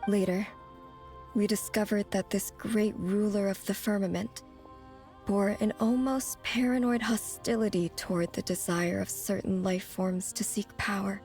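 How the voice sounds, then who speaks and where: An ancient moon goddess, played by a woman tells her story in a measured, solemn way. Her voice sits at an ordinary middle pitch. It is a game cutscene performance. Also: steady tone, a little mellow, faint music behind, natural voice.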